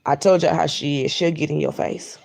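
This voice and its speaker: A woman telling a workplace story in a blunt, animated storytime chat, acting out quotes. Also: low voice, fairly quick, creaky. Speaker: storyteller vlogger. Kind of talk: casual storytime.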